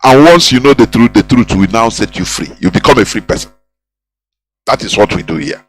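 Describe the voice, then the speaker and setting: A man's voice: fairly low pitch, animated, brisk, poor audio. Preachy man on the radio. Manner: preachy, repetitive, rhetorical questions. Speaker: radio host. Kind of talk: impassioned radio monologue.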